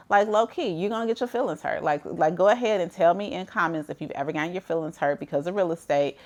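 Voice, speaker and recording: A middle-aged woman, coaching real estate agents in a candid, conversational way. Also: low voice. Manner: candid, conversational, frequent "like" and "you know". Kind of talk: coaching monologue to camera.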